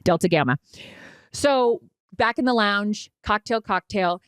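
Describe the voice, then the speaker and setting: A woman's voice: mid-range voice, unhurried, clear, resonant tone, dry recording. Woman in her 40s on a podcast, telling a wild story, swears a bit, very dry mic. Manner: animated, dramatic retelling with swearing. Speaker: podcast co-host. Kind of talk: casual storytelling chat.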